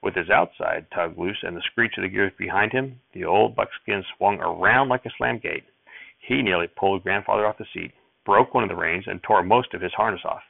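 Man, audiobook narration, steady first-person telling, dry close sound, phone-like tinny audio. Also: sits low, fairly quick, vocal fry, no room sound.

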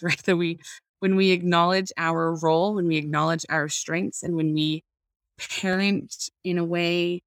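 A woman's voice: lowish voice, level tone, measured pace, smooth, no room sound. A woman speaking earnestly as a guest about faith and parenting over a video call, reflecting aloud and searching for words. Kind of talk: faith-based parenting talk.

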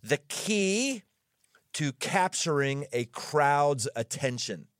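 A man hosting a podcast as a pastor, talking in an energetic, jokey way and laughing readily. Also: on the high side, takes it slowly, smooth, dry recording, clean studio sound. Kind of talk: casual interview chat.

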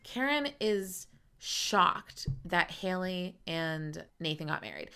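Animated bright-voiced woman co-host. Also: fairly low pitch, slow, gravelly, clear, resonant tone. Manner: animated, swears casually, laughs often. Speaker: podcast co-host. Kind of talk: casual TV episode recap chat.

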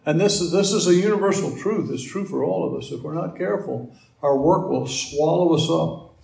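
A male pastor preaches a sermon in a relaxed, conversational way, breaking off into asides and restarting his sentences. His voice sits a little high and has a gravelly edge. The sound carries the echo of a church room. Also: normal speed.

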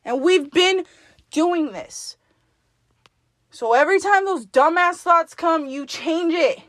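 A woman with a high voice delivers a forceful, profane pep talk to herself, speaking in the second person. She is blunt and insistent. The recording is dry and close. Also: slow pace, dry recording. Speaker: podcast host. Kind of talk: self-directed pep talk monologue.

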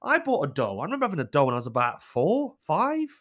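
A man's voice: a little high, huge pitch swings, fast, fairly bright tone. A man, reading advice letters aloud and reacting in blunt, casual commentary, swearing freely as he talks.

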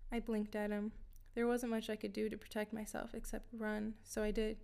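A woman reading a scripted first-person story in a steady, even way. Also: mid-range voice, normal speed, vocal fry. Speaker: narrator.

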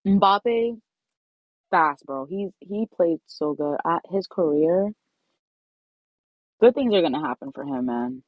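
A woman from New York trades casual talk as a podcast co-host, brash and quick to swear. Her voice is husky and swings widely in pitch, heard close and dry with no room around it. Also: no echo, phone-quality sound. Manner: brash, profane and excitable. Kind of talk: casual chat.

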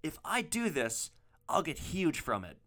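A man's voice: on the high side, very animated, unhurried, fairly bright tone, voice pushed up, heavily acted. A man voicing a drunk, boastful male passenger who pushes and brags, calling everyone bro.

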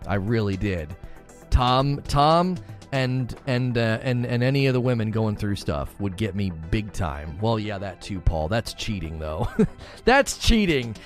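A man's voice: lowish voice, a little slow, soft background music. A man chatting casually and earnestly, often repeating himself as he talks about what moves him. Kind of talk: casual chat.

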